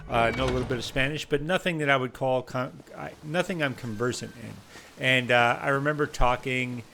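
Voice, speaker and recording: A man's voice: medium pitch, gravelly, a bit bright, slight background noise. An American man streaming a game, chatting with viewers in a rambling way with many fillers. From United States. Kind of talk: live-stream gameplay commentary.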